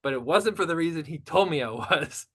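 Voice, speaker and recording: A man co-hosting a podcast, chatting casually and telling stories in an animated way. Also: fairly high pitch, fairly quick, husky. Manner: animated storytelling that jumps into quoted voices. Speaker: podcast co-host. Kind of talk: casual chat.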